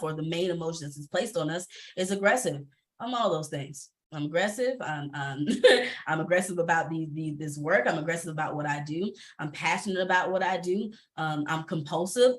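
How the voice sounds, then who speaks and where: A woman who coaches entrepreneurs, speaking candidly and emphatically on a panel over a video call, laughing often. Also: on the low side.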